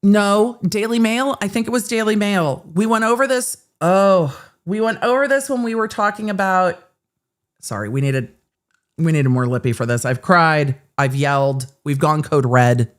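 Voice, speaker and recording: A woman's voice: medium pitch, normal speed. A woman hosting live legal commentary, sarcastic and blunt, and she swears freely. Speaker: host.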